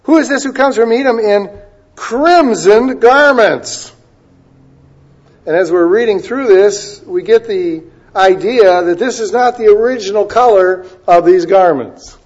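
A male preacher giving a sermon, moving between loud emphasis and quiet asides and stretching key words out slowly. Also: a little high. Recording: dull lo-fi recording.

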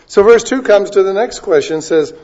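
Man preaching with dramatic loud-soft swings. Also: high-pitched, expressive. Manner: dramatic swings between loud emphasis and quiet asides; stretches key words slowly for emphasis. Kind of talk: sermon. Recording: dull lo-fi recording.

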